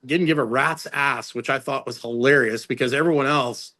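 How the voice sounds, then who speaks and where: A middle-aged man, a strength and conditioning coach, talking as an interview guest in a casual, rambling storytelling way. He uses lots of fillers and restarts, and he pitches his voice up to act out what other people said. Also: normal speed. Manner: animated storyteller, jumps into higher voices for quotes.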